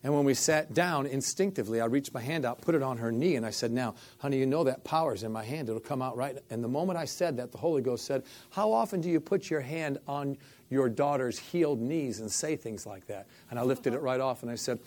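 Man telling an animated faith story. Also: medium pitch, a little fast. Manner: animated storyteller, acts out quoted dialogue, repeats "I said". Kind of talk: storytelling interview.

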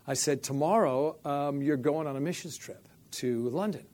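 A man's voice: fairly high pitch, moderate pace. A middle-aged man, a minister, telling a story in an interview and acting out the dialogue. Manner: animated storyteller, acts out quoted dialogue, repeats "I said".

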